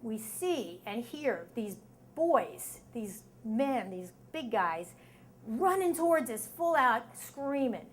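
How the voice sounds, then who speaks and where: A woman's voice: fairly high pitch, slow pace, slight background noise. A middle-aged woman telling a story on stage before a live audience, acting out the voices in it with sudden screams. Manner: lively, acts out quoted voices with sudden screams.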